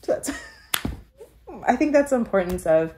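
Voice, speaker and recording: A woman's voice: fairly high pitch, huge pitch swings, slow pace, mellow, a little hiss or hum. A woman telling a candid personal story in an interview, earnest and reflective, with many filler "likes". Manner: tearful laughing when moved.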